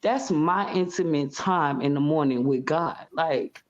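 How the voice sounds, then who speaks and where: Brief: low-pitched woman guest, lively storyteller, slightly muffled recording. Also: a little slow. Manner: animated, expressive, acts out scenes. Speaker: interview guest. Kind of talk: casual interview storytelling.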